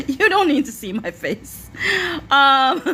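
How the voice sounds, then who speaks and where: A woman's voice: high voice, sharp tone. A woman hosting a casual live stream from her phone, laughing to tears while reading viewer comments aloud. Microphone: phone front camera.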